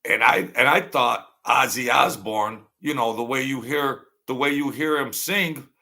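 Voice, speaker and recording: A man's voice: medium pitch, unhurried, bright, forceful tone. A man hosting a casual livestream, telling meandering stories that trail off and restart. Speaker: livestream host. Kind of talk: rambling casual storytelling.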